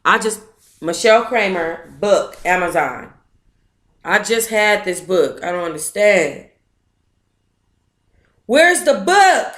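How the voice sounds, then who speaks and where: A woman hosts a casual online book club chat with a bright, clear tone. She talks slowly and mutters to herself, then breaks into excitable, dramatic outbursts. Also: medium pitch.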